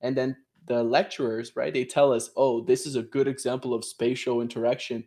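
A man's voice: mid-range voice, little pitch movement, a little fast, dark tone. Enthusiastic laughing man on a video call. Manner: enthusiastic, laughs often, many fillers like you know. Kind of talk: casual explanatory chat.

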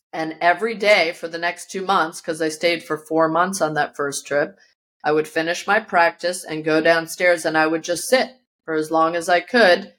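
Her voice is lowish with a fairly bright tone as she recounts a personal story in an interview. She tells it vividly, taking on the voices of the people involved, and she is recorded in her yoga studio.

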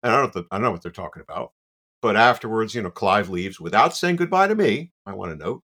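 Low-voiced guy telling a story, animated, pokes fun at himself, lots of you know. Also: fast talker. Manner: animated, self-deprecating, many "you know" asides. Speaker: guest. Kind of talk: casual anecdotal storytelling.

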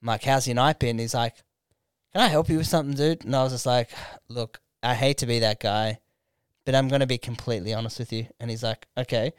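A young Australian man tells a long, sweary story on a podcast, acting out each quoted line as he goes. His voice is smooth and clean. The sound is dry and close-miked. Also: medium pitch, brisk, no room sound. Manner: animated, swears a lot, acts out quotes. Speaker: comedian podcast co-host. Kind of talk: casual storytelling chat. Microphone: studio microphone.

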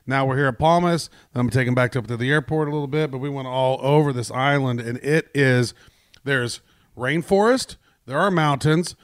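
A man's voice: mid-range voice, moderate pace, no room sound, studio quality. A man co-hosting a podcast in casual chat, talking loosely with lots of fillers and the odd curse. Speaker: podcast co-host.

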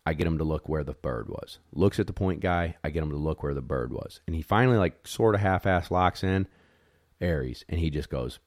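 Man, very deep voice, dry close sound, dog handler, animated storyteller, blunt. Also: brisk, no room sound. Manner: animated, acts out dogs and judges; blunt, mild swearing. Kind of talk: casual storytelling.

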